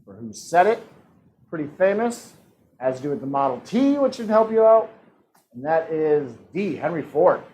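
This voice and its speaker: A man hosts a live-streamed online trivia night, his slightly high voice mellow but very animated, rising and falling with energy. He reads each question and its multiple-choice options, then throws in quick jokes and laughs often in between. The recording is rough.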